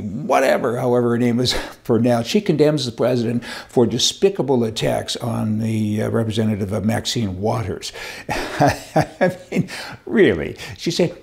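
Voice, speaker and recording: A man's voice: medium pitch, expressive, moderate pace, gravelly, a little mellow. A middle-aged man hosting a rambling opinion monologue, telling stories in a folksy, sarcastic way and chuckling as he goes. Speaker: commentary show host.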